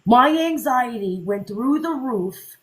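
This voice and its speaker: A woman host telling a personal story in a casual storytime, animated and acting out the dialogue. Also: fairly high pitch, slow, poor audio. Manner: animated, acts out quoted dialogue.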